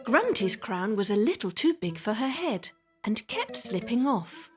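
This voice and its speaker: Children's storybook narrator, woman, gentle and unhurried, lively pitch, light music behind. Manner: slow, gentle, lilting storytelling.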